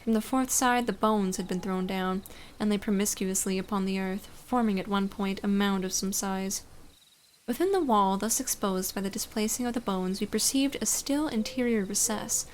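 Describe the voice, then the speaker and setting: A woman's voice: medium pitch, moderate pace, slight background noise. A woman giving a casual late-night reading of a story aloud, irreverent, reading on with loose asides. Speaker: reader of a story.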